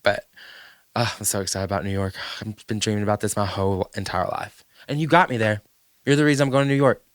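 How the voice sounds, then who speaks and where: A man's voice: on the low side, fast talker, no echo. Playful Southern-accented man hosting. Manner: animated, playful, laughs a lot. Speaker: podcast host. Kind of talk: casual chat.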